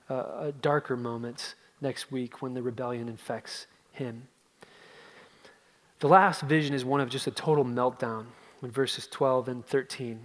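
A man preaching a sermon as a pastor, emphatic and dramatic, with his voice swinging from loud outbursts to hushed low passages. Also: in a large hall.

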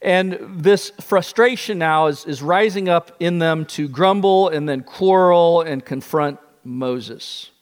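A man preaching a sermon as pastor, telling the story in an animated way with shifting pace. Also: on the high side, slow pace, few pauses, long reverb tail.

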